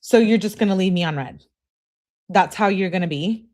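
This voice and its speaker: A woman voicing a jealous, demanding young woman in a whiny, high voice. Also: moderate pace, darkish tone, close to an everyday voice.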